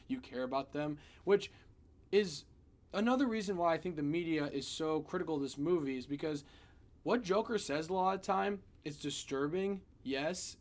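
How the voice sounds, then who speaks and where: A man giving a casual spoiler review of a film, retelling scenes in an animated, profane way. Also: a little high.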